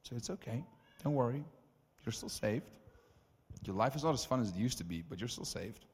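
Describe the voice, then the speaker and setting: A man voicing a gentle, softly spoken Jesus in a quiet, calm tone within a sermon. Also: mid-range voice, brisk, breathy edge. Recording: reverberant hall.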